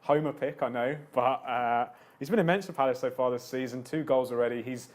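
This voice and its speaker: A man's voice: mid-range voice, steady tone. A man on a sports panel rattling through figures and reasons for his fantasy football picks. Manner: quick, stat-heavy talker. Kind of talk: casual sports chat.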